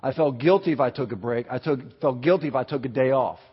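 A man's voice: mid-range voice, fast, breathy edge. A pastor preaching a sermon, telling personal stories and asking his congregation questions. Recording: dull sound with long hall reverb.

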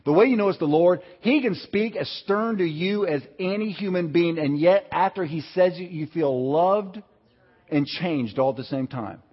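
A man preaching a sermon with a fairly high, husky voice. He talks in a lively, conversational way, swinging between loud and soft. The sound is dull and muffled, and it rings with long reverb from a large hall. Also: normal speed. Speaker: pastor.

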